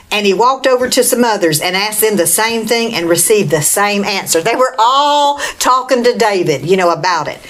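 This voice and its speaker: A woman's voice: medium pitch, animated, moderate pace. A woman preaching a Bible lesson, reading scripture aloud and calling "Amen?" to her listeners. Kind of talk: bible teaching talk.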